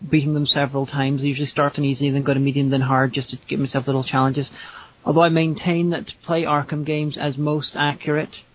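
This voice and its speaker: A man with a somewhat high voice talks casually on a podcast, blunt and candid, with offhand swearing. The sound is dull and lo-fi. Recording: muffled lo-fi podcast audio.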